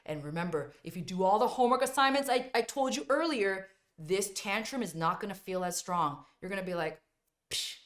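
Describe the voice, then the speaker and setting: A woman's voice: mid-range voice, lively intonation, a little fast, few pauses. A woman coaching viewers through binge-eating recovery in an emphatic, blunt motivational talk, repeating points and sometimes swearing.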